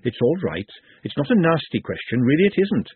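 A man's voice: mid-range voice, sing-song, a little fast, slightly rough, no echo. A man voicing an earnest, outspoken young woman in a storybook reading, pleading and insistent. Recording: tinny phone-like dry audio.

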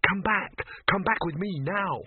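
A man's voice: high voice, measured pace, slight background noise, voice pushed up. Man playing an urgent young hero. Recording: tinny phone-band audio.

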